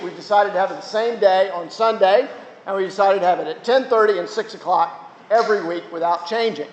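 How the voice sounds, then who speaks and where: A male chaplain giving an informal teaching to students, chatty, with asides to the audience. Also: high voice. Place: chapel hall. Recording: echoey hall, dull lo-fi sound.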